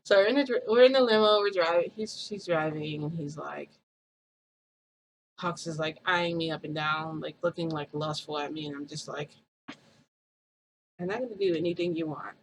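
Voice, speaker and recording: A woman's voice: low voice, steady tone, moderate pace, poor audio. A young woman vlogger casually telling a story in a chatty, giggly way, full of quoted dialogue.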